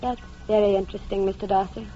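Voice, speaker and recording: An actress playing a proud, sharp-witted young gentlewoman who speaks with poised, pointed politeness, in a radio play on a dull lo-fi recording. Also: sits high, animated, a little fast, soft background music. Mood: cool. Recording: dull lo-fi sound.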